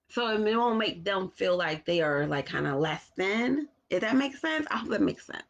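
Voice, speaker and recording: A woman chats straight to her viewers in a slow, careful way. She often stops and restarts mid-sentence, taking her time to get the words out. Her voice sits at an ordinary middle pitch. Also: animated, highs cut off. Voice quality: slow, deliberate delivery. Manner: halting, with restarts and long pauses. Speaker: parent vlogger. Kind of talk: casual talk to camera.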